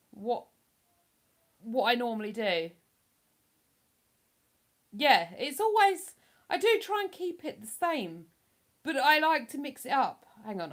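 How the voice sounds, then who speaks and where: A chatty woman talks straight to her livestream viewers with a slightly high voice. She rambles, restarts her sentences and pokes fun at herself as she answers comments. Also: fairly bright tone. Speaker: livestream host reading chat. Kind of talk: casual live chat.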